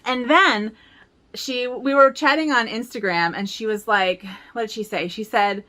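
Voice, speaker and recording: Pushed and bright, this medium-pitched woman speaks at normal speed. She's a cross-stitch vlogger in her forties, casually showing her stitching books at home, chatty and upbeat, rambling a bit with fillers.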